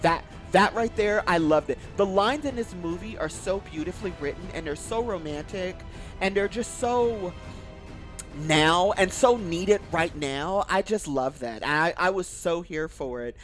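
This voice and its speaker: A man's voice: sits high, measured pace, a bit bright, faint music behind. A man giving a casual spoiler review of a film, effusive and gushing, repeating how much he loves each scene and acting out quoted lines. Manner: acts out quoted movie lines. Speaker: YouTube movie reviewer.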